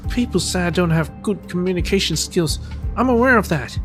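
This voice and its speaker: A man's voice: high-pitched, expressive, a little fast, a bit bright, faint music behind, pitched above the performer's own voice. A man doing brusque prickly young woman Emily. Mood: flustered. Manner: brusque, then flustered and rambling. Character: blunt prickly young woman researcher, secretly awkward.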